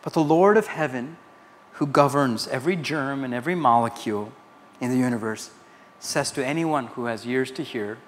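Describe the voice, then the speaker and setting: A man's voice: mid-range voice, normal speed, long reverb tail, slight background noise. A man from India preaching a sermon as pastor, quoting scripture and telling anecdotes to his congregation. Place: large church hall.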